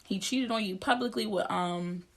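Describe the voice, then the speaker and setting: Gravelly-voiced blunt woman in her twenties. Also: medium pitch, moderate pace, slight background noise. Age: 20s. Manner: blunt, profane, emphatic. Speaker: podcast co-host. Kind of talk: casual chat.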